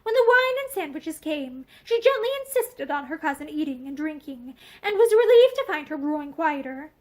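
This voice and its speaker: A woman's voice: high voice, sing-song, normal speed, hardly any pauses. A woman reading a novel aloud, telling the story expressively while seated indoors facing the camera. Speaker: audiobook reader.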